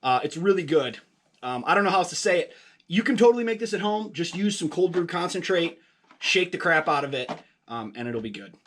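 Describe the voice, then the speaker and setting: In his laid-back home cocktail vlog, the host talks fairly quickly in a fairly high, fairly bright voice with lively intonation. He's chatty and playful, full of fillers, and a bit out of breath.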